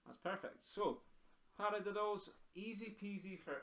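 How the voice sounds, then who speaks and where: Scottish man teaching drumming, gravelly. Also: high voice, steady tone, moderate pace, fairly bright tone. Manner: encouraging, counts beats aloud while playing. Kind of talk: teaching over a video call, counting along. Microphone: video call. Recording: echoey room with snare drumming.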